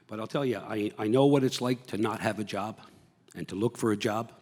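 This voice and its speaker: A man from Cape Breton running for mayor speaks in a folksy, halting way, with lots of "uh" and "well." His voice sits low. A long hall reverb rings behind him. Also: slightly rough. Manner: folksy, with frequent fillers. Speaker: mayoral candidate.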